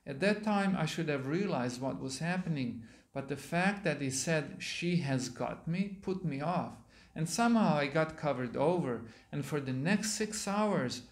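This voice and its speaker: A man, a monk giving a sermon, reading a story aloud and pausing to explain words to his listeners, in a temple hall. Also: a little high, animated. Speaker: monk lecturer.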